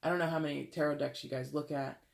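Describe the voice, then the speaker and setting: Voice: mid-range voice, steady tone, quick pace, creaky. A tarot reader giving a casual reading, rambling and talking straight to the listener with frequent asides. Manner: rambling, self-interrupting, addresses the listener directly.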